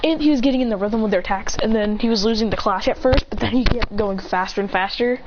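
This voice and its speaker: A woman's voice: fairly high pitch, fast talker, background noise. A woman improvising a fan-fiction action story, rambling and correcting herself as she goes. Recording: dull lo-fi recording.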